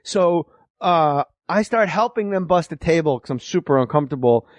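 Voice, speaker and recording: Host telling a comic story: high voice, dry close sound, swears a lot, does voices. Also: male voice, normal speed, dry recording. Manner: profane, animated, acts out voices. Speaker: podcast host.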